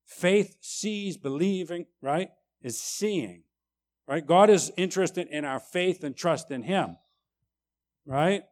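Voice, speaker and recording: A man preaching a sermon, emphatic, tagging lines with "right?" and swinging between loud and quiet. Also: a little high, slow. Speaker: pastor.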